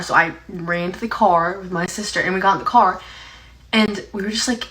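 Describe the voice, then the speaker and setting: A young Appalachian woman from the USA tells a casual, rambling story as a TikTok storyteller, saying "like" constantly. Her mid-range voice is steady, a bit bright and at normal speed, and the recording quality is low.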